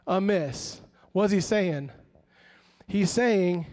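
Man, pastor, high voice, preaching a sermon, acts out quoted voices, long hall reverb. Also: a little slow, a little mellow. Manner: preaching with rising intensity, acting out quoted voices. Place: church sanctuary.

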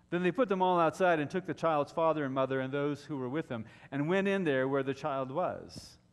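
A man preaching an Easter sermon as a pastor, telling the story dramatically and often dropping to hushed tones. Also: mid-range voice, clean tone. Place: church sanctuary. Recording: long reverb of a church hall.

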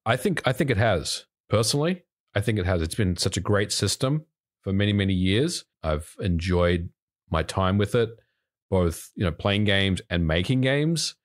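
A man's voice: lowish voice, animated, moderate pace. A man who is a game developer, speaking as a guest in a casual podcast discussion and often restarting his sentences hesitantly.

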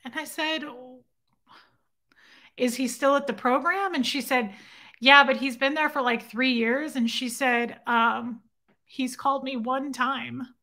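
Bright-voiced woman telling a story. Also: sits high, slow pace. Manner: animated retelling with quoted dialogue and side remarks to chat. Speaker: host. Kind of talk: casual storytelling to viewers.

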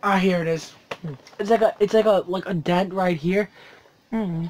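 A teenage boy with a fairly high voice unboxes a collectible on his vlog. He curses nonstop and rants with anger, then fills the pauses with low hums. There is a faint hiss behind him. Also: fairly even intonation, darkish tone. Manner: profane angry ranting; mumbled hums between remarks. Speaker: toy collector vlogger.

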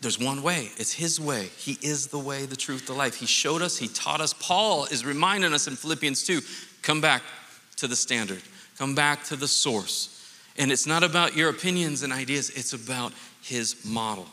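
A man pastor giving a conversational, animated sermon with playful asides. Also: mid-range voice, moderate pace, in a large hall.

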